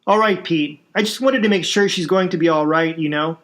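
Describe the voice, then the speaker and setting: A man's voice: on the high side, fairly quick, fairly bright tone, lightly acted. A man voicing a commanding middle-aged restaurant owner in a story he reads aloud. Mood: reflective.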